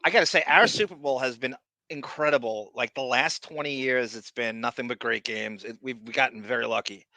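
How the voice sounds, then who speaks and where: Guy hosting a podcast, bright forceful voice, crude jokey rambling, dry close sound. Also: medium pitch, a little fast, no echo. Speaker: podcast host. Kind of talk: casual chat, greeting live chat viewers.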